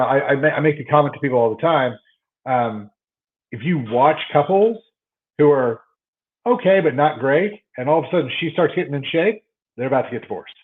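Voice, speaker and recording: A middle-aged man with a mild Texan accent talks through a tinny, phone-like line. He is a guest in a casual podcast chat, mid-pitched, telling stories with frequent restarts and repeated words. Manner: storytelling, many repeated word starts. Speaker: chiropractor guest.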